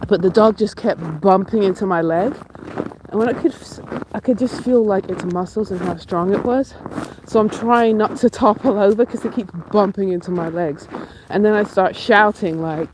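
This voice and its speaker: A vlogger streaming from a cold outdoor walk, telling a story in an animated way with startled outbursts, recorded on a handheld phone. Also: medium pitch, moderate pace. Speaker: livestreaming vlogger. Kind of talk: casual walk-and-talk livestream. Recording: noisy outdoor phone audio.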